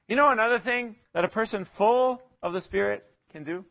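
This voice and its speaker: A man's voice: high voice, brisk, vocal fry, hardly any pauses, bright, forceful tone, highs cut off. A man leading a casual Bible study, talking hesitantly with frequent chuckles and acting out little quotes. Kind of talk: casual interactive Bible teaching.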